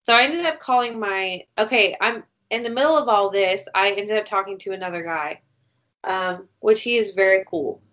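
A woman's voice: mid-range voice, moderate pace, fairly bright tone. A young woman in casual chat, telling a story in a rambling way, full of "like" and swearing. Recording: dull lo-fi recording.

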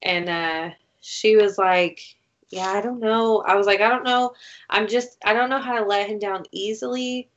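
A woman's voice: medium pitch, steady tone, normal speed. A young woman in casual chat, telling a story in a rambling way, full of "like" and swearing. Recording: dull lo-fi recording.

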